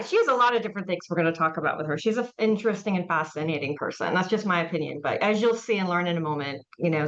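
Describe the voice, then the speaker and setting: A woman's voice: medium pitch, fairly bright tone. Chatty woman host on a dull line. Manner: chatty, rambling, with many fillers. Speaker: podcast host and mortuary educator. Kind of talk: casual interview chat.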